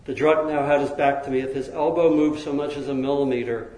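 A man narrating a story in a lively, expressive way, now and then laughing between lines. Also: medium pitch, fairly quick, a little hiss or hum. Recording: roomy echo.

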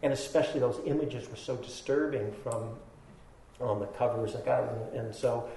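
A man's voice: mid-range voice, moderate pace, gravelly, mellow, slight background noise. Man telling a story in an echoey hall. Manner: storytelling, self-deprecating, laughing at himself. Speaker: meditation teacher. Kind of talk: dharma talk with personal story.

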